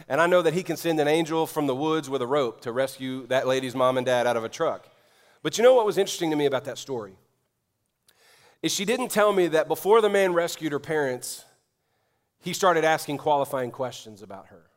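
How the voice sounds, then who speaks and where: A middle-aged male pastor preaching a sermon, telling a story and then building to loud, emphatic preaching. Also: on the high side, expressive, fairly quick.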